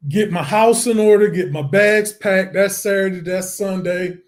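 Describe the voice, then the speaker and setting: A man, a guest on an interview show, telling his story in a lively way, acting out the voices and laughing often. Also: high voice, moderate pace. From Detroit, USA.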